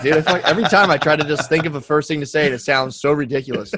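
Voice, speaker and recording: A man co-hosting a podcast, joking and swearing in relaxed conversation. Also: a little high, very fast, few pauses. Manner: joking, profane, laughs easily. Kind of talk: casual podcast banter.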